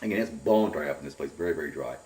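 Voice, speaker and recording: A middle-aged man giving a rambling, animated personal account in an interview, often repeating his words. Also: rumbling low, rapid-fire, a little hiss or hum. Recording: roomy and distant from the mic.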